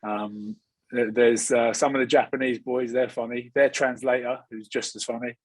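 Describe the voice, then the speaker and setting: A man in his thirties from Scotland chats on a video call with a slightly husky voice. He rambles cheekily through his stories. The sound is dry and close, with little room behind it. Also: mid-range voice, little pitch movement, moderate pace, no room sound, poor audio. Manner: cheeky, rambling banter with laughs. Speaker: rugby player, regular co-host. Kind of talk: casual chat.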